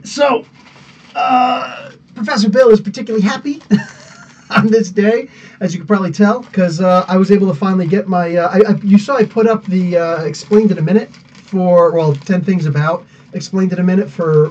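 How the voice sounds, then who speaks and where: His voice is high and darkish, at a normal speed, as he hosts a live podcast. He rambles in casual chat and greets viewers by name, recorded with dull sound from a somewhat distant mic.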